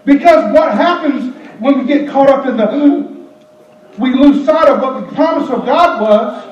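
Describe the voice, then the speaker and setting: A male pastor delivers a lively, joking sermon, gasping for effect and slipping into acted voices. His voice sits high, heard from a distant mic in an echoey church with a dull, muffled tone. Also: measured pace, a little hiss or hum. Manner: animated, gasping, comic preaching with acted-out voices.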